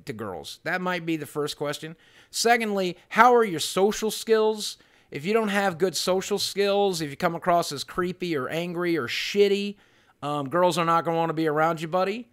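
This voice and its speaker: A man's voice: a little high, fairly bright tone, smooth. Blunt, candid man talking to camera. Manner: blunt, candid, swears freely; storytelling with reported dialogue, frequent ums. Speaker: host answering viewer questions. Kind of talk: casual advice monologue.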